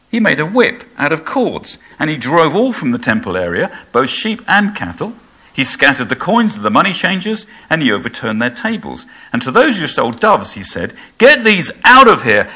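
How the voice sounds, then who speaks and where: A man's voice: on the high side, sharp tone, breathy edge. A man preaching a sermon in a conversational way, asking his listeners rhetorical questions.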